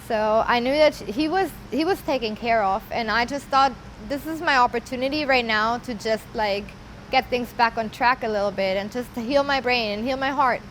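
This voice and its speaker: A woman telling her personal story in an earnest, halting way, often pausing with casual fillers. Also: on the high side, a bit bright, a little hiss or hum, poor audio. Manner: earnest, halting, with many "like" and "you know" fillers. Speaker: interviewee sharing her story. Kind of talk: personal testimony.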